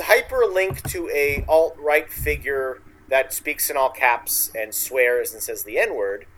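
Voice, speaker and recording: A man's voice: fairly high pitch, fairly bright tone, poor audio. Blunt, swearing man in political chat. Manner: blunt, swears casually, hesitant fillers.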